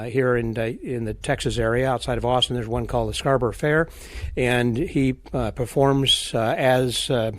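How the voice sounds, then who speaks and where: A man's voice: medium pitch, no echo. Host, male, Midwestern accent, casual and rambly, lots of fillers. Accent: Midwestern American. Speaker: podcast host. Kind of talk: casual interview chat.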